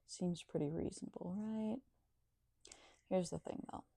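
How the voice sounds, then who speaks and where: A woman's voice: fairly low pitch, steady tone, unhurried, vocal fry, mellow, no echo, clean studio sound. A woman talking in a casual monologue, sardonic and profane.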